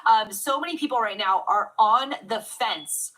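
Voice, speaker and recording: Bright, upbeat woman hosting a livestream. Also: a little high, measured pace, rough recording. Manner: upbeat, encouraging. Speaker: host and coach. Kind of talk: livestream interview.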